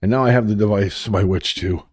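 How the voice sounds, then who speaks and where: A man's voice: lowish voice, fairly quick, darkish tone, breathy edge, dry recording, studio quality. A man hosting a call-in radio show, out of breath and rambling to himself as he scrambles to get started. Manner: rambling, self-talking, scrambling. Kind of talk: casual call-in show chat.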